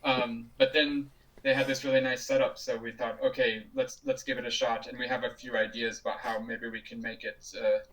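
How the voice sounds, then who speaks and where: A man's voice: medium pitch, little pitch movement, brisk, fairly bright tone, distant mic, rough recording. A man being interviewed over a video call, telling stories casually with frequent laughs and restarts. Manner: chatty, laughs often, many restarts. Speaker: juggler and guest.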